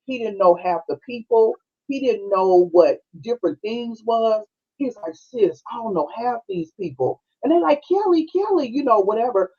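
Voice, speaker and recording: A middle-aged woman from Kansas City speaks with a husky, breathy edge. She tells a personal story in a loose, heartfelt way to her co-hosts. The live-stream audio sounds dull and lo-fi. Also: on the high side, animated, moderate pace, a little mellow. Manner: conversational, heartfelt, full of "you know" and "like". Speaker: podcast co-host.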